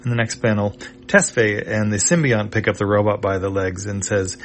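Low-voiced man reading a comic aloud. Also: steady tone, a little hiss or hum. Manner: halting, with fillers and restarts. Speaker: comic reader.

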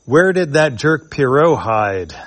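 A man's voice: medium pitch, big pitch swings, slow, fairly bright tone, slight background noise, voice pushed up. A man voicing a scheming mother from a comic who relishes the hunt.

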